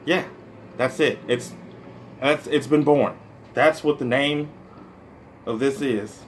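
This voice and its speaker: A man's voice: fairly high pitch, expressive, a little slow, fairly bright tone, a little hiss or hum. A man from the American Midwest, a stand-up comedian, talking in a casual, rambling vlog monologue full of "like" and "you know" and some swearing.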